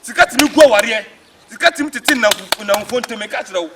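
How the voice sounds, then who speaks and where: Comedy skit: a man as a pushy money-mad guy, high, bright and rapid-fire. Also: noisy background. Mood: boastful. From Ghana. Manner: rapid, insistent and argumentative. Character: loud money-obsessed man, quarrelsome.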